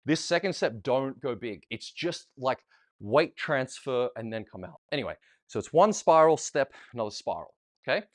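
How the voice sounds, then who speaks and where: A chatty middle-aged male dance coach talks through steps in a relaxed way. He counts rhythms out loud and sings the beats as he demonstrates. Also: mid-range voice, normal speed. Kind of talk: casual online dance lesson.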